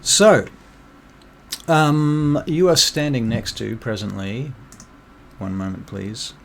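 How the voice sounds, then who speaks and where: A man with a hoarse, worn voice narrating as game master, rambling with fillers and self-deprecating asides. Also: medium pitch, animated, slow pace, fairly bright tone, slight background noise. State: losing his voice, clearing throat.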